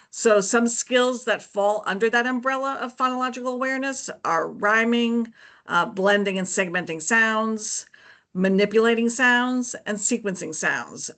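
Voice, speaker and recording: A woman's voice: medium pitch, a bit bright. A woman educator giving an informative presentation to parents, explaining in a friendly, teacherly way with frequent "um" and "okay, so".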